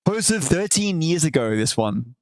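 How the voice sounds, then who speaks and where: Chatty streamer man, slightly high voice. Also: sing-song, measured pace, no echo. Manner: chatty, affectionate to viewers, swears casually. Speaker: livestream host. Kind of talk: casual live-stream chat and reading.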